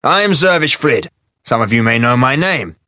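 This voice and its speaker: A man's voice: mid-range voice, expressive, normal speed, bright, forceful tone, no echo, studio quality. Audiobook: tired, boastful sorcerer, pushing urgency, man reading. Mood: urgent. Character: proud worn-out male sorcerer, commanding but tired.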